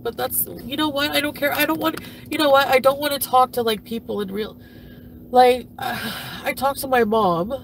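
A high, foul-mouthed jilted streamer rants, swinging between yelling and mumbling, as a woman puts her on for a puppet comedy. She sounds crude and self-pitying, with faint hiss under the voice. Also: fairly even intonation, normal speed, vocal fry. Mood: deflated. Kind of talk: comedic impression of a livestream rant.

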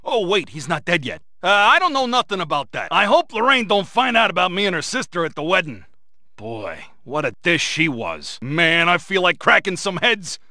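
An actor voicing a brash dock worker in a video game, who grumbles in a rough working-class way. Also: male voice, sits high, wildly swooping pitch, moderate pace, pushed and bright, no echo, clean studio sound, full character voice. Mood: grumbling. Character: brash male dock worker, would-be communist intellectual.

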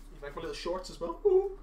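A young man, his voice a touch on the high side, talks loosely through a live gaming stream. He jokes and reads out viewer messages as he goes. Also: a little mellow. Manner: chatty and joking, reading out viewer messages.

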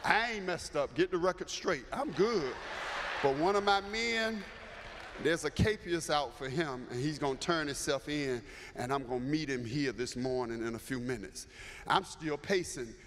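A man preaching as bishop, telling a story in an animated way and acting out the voices. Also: a little high, normal speed, a little hiss or hum. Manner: animated, acts out voices, builds to shouting. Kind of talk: storytelling sermon. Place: large church sanctuary. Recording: echoey church hall, faint ambience.

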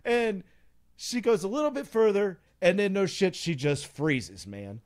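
A man co-hosting a podcast, telling a casual, animated story with laughs. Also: sits high, a little slow. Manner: animated, laughing anecdote teller. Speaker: podcast co-host.

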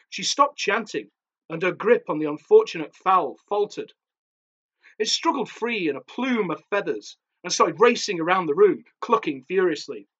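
A man, an author, reading his own horror story aloud in a measured, darkly theatrical way. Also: high voice, fairly bright tone, muffled recording.

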